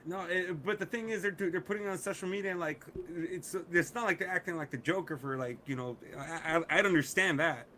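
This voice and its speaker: A man's voice: high voice, fairly quick, few pauses, sharp tone. Profane ranting middle-aged man. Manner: profane, ranting, laughs often. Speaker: podcast co-host. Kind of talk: casual chat.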